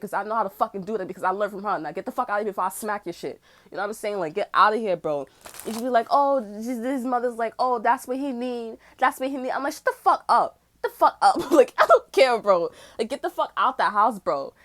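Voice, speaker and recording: A woman telling a story in a casual, heated rant, swearing often and acting out what other people said. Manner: profane, swings between loud outbursts and low mutters; acts out other people's lines mid-story. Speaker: tarot channel host.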